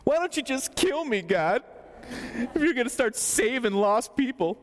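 A man's voice: big pitch swings, moderate pace. A man voicing a sulky, self-pitying male prophet who whines his complaints in a raised, pinched voice. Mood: whiny. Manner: high whining complaint. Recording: long hall reverb.

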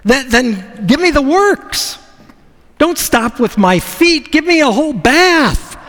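An impulsive, blunt apostle Peter, as a preacher acts him out, blurting his lines high and loud with big, swinging inflection. He is emphatic and headlong, and the sound rings in a long hall reverb. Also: very animated, takes it slowly, full character voice. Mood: eager. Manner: blurting, emphatic, refusing then eager. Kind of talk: sermon.

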